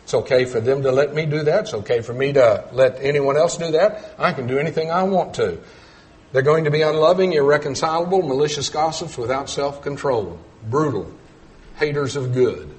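Emphatic middle-aged male preacher. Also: normal speed. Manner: swings between loud emphatic points and quiet low asides; storytelling with folksy humor. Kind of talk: sermon.

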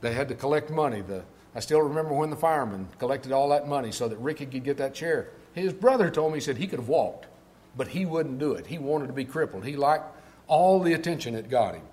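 An older man with a Texan accent, preaching a sermon in a conversational, storytelling way and slowing down to stress key points. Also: medium pitch, lively intonation, a little mellow. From Texas.

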